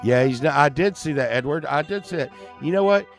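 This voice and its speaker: A man's voice: fairly high pitch, animated, brisk, soft background music. A man streaming, telling casual, rambling, profane stories full of fillers and restarts.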